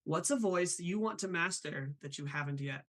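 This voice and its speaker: A man hosting a live stream in a casual, chatty way, apologetic and quick to laugh. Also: on the high side, fairly bright tone.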